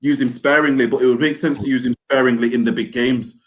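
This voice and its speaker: A young man co-hosting a football podcast in slangy, animated banter. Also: mid-range voice, fast. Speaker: podcast co-host. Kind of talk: casual podcast chat.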